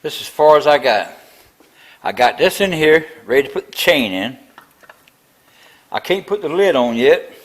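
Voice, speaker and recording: In a rough recording, an older man grumbles his way through a rambling account of building a tractor in his machine shop for a casual workshop vlog. His voice is on the high side and expressive, at normal speed with long pauses.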